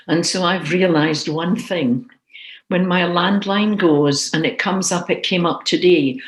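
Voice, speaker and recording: A woman's voice: on the low side, roomy sound, low-quality recording. A woman giving an earnest, emotional testimony about forgiveness in a sermon. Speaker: Christian speaker.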